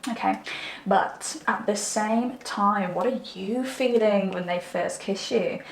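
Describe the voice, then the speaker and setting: A woman's voice: mid-range voice, takes it slowly, gravelly, a little hiss or hum. A woman giving a tarot card reading, talking in a chatty, intimate way and checking in with her listener. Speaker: tarot reader. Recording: echoey room.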